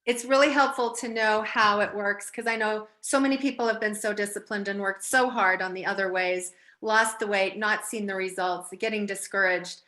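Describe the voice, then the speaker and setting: A woman's voice: medium pitch, fairly even intonation, normal speed, few pauses, sharp tone, reverberant. A woman hosting an interview over a video call, earnest and encouraging as she sets up her questions. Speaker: host.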